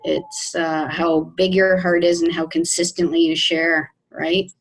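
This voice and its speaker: Slow, gravelly woman, heartfelt. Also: fairly low pitch, expressive, rough recording. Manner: slow, warm, heartfelt and emotional. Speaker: network marketing team member. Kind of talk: casual video call chat.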